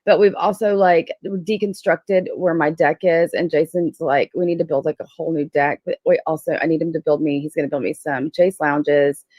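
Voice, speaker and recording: Woman host, very low voice, blunt and defensive, dry mic. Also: steady tone, normal speed, hardly any pauses, a little mellow, dry recording. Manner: blunt, defensive, filler-heavy. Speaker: livestream host. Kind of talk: casual livestream chat.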